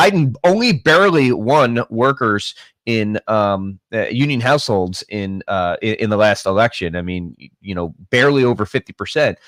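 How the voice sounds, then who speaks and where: A man chatting as a guest about politics, thinking out loud with emphatic asides. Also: mid-range voice, no room sound. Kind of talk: casual political chat.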